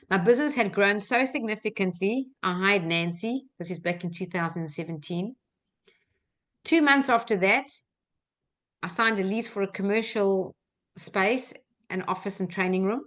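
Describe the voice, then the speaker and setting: A middle-aged Australian woman, a coach, hosts a personal development webinar and tells stories earnestly, using many fillers. Her voice is medium-pitched with a fairly bright tone.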